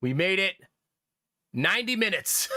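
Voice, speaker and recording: A man chatting casually to his live-stream viewers while gaming, talkative and quick to laugh. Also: sits high, very animated, bright, forceful tone, no echo. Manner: chatty, laughs often, talks to chat. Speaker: game streamer.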